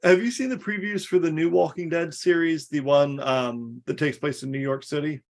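A man's voice: a little high, moderate pace. A man co-hosting a podcast in casual chat, easygoing and agreeable, often laughing along. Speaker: podcast co-host.

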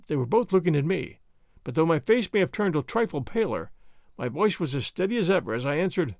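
A man narrating an audiobook in a measured, expressive storytelling manner. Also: on the high side, no room sound, studio quality.

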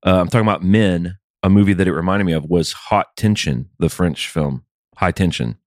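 A man's voice: sits low, normal speed, darkish tone, no echo, clean studio sound. A man co-hosting a casual podcast chat, talking in an easygoing, rambling way about films. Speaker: podcast co-host.

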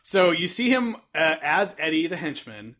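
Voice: mid-range voice, moderate pace. A podcast co-host in casual movie chat, acting out scenes with a laugh. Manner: lively, acts out scenes, laughs.

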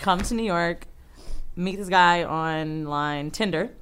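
A woman's voice: fairly low pitch, slow, background noise. Profane, dramatic woman storyteller. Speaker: podcast co-host. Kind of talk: casual storytelling chat.

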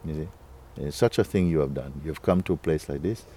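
A man giving an unhurried spiritual talk as a teacher to a gathering. He coaxes his listeners, often asks "you see?", and chuckles between phrases. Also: rumbling low, mellow, slight background noise.

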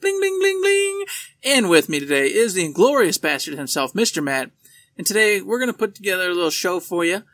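A man's voice: sits high, animated, quick pace, a bit bright, no echo, faint music behind. A young adult man co-hosting a casual podcast, upbeat, hammy and playful. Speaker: podcast co-host.

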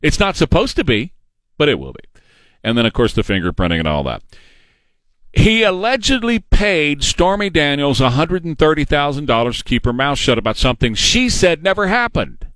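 A man's voice: on the high side, big pitch swings, moderate pace, a bit bright, no echo. Sarcastic male talk radio host. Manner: sarcastic, joking, opinionated. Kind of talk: talk radio news commentary. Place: radio studio. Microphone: studio microphone.

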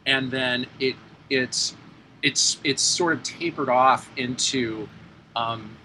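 A man's voice: mid-range voice, slow pace, bright, forceful tone, a little hiss or hum, poor audio. A man talking casually on a podcast, hesitant and self-deprecating, with many restarts. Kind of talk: casual conversation.

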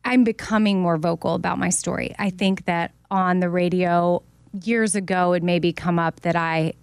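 A middle-aged woman with a low, gravelly voice speaks openly and personally, often stopping and starting again. The sound is dry and close. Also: fairly even intonation, no echo. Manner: open, personal, halting. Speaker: radio co-host. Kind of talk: casual podcast chat.

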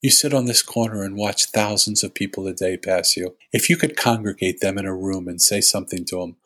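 Earnest husky-voiced man telling a story. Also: low voice, brisk, a bit bright, no room sound. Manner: earnest, heartfelt retelling with quoted dialogue. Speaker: podcast guest, author. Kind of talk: storytelling in conversation.

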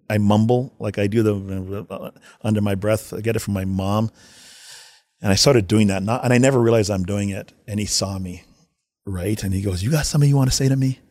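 Low-voiced man telling stories. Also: no room sound, studio quality. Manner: animated storyteller, acts out shouted quotes. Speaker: hockey staff member telling stories. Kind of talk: casual anecdotal storytelling.

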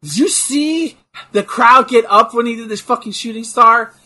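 A man co-hosting a casual chat while watching wrestling, excitable, swearing and trailing off into fillers. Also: very high voice, normal speed. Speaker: podcast co-host.

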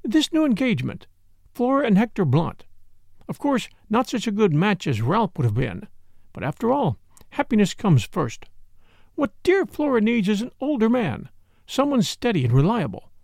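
A man's voice: high voice, wildly swooping pitch, normal speed, creaky, darkish tone, no room sound, clean studio sound, voice pushed up, heavily acted. A man voicing a gushing, gracious older widow who murmurs and rambles.

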